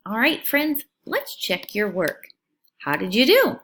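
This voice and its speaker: A woman teacher giving a recorded phonics lesson for young children, speaking clearly and stretching out words. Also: fairly high pitch, wildly swooping pitch, slow, a bit bright. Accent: American.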